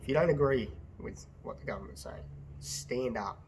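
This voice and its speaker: A man's voice: medium pitch, normal speed, background noise. An Australian man, a business owner, ranting to his phone camera in a passionate, blunt way, swearing and repeating himself. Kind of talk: casual to-camera rant.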